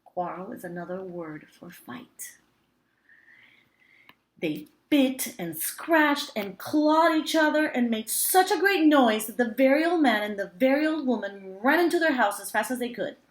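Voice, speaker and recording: A woman teacher reading a picture book aloud to young children, with expressive storytelling. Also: on the high side, unhurried. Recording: roomy echo.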